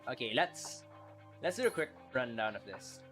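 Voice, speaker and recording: Excitable man streaming a game. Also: medium pitch, normal speed, soft background music. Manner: excitable, laughs often, thanks viewers. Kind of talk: casual live-stream chat and reading game dialogue.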